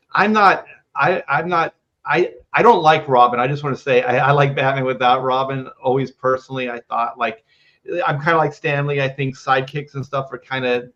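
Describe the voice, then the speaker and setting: A man's voice: medium pitch, fairly bright tone, dull audio. A man giving strong opinions in a casual panel discussion over a video call, often saying "like". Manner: opinionated, uses "like" a lot.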